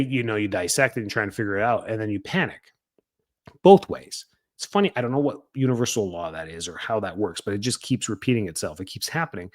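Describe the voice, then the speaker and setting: An energetic man talks casually as a coach for practice owners. His voice sits at an ordinary middle pitch, and he slips into little acted-out bits of what people might say. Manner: energetic and chatty, acts out quoted lines. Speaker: podcast host coaching chiropractors.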